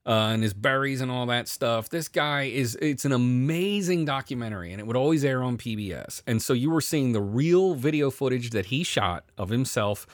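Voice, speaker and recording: A man telling a profane story in casual chat, animated, his voice swinging between loud outbursts and quiet asides. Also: medium pitch, moderate pace, hardly any pauses, dry recording, clean studio sound.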